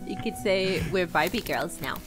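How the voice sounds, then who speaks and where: A woman's voice: lowish voice, animated, normal speed, a bit bright, faint music behind. A woman playing a game alongside the host, chatting casually and teasing, with sudden yelps when she gets hit. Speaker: co-player. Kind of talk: casual gaming chat.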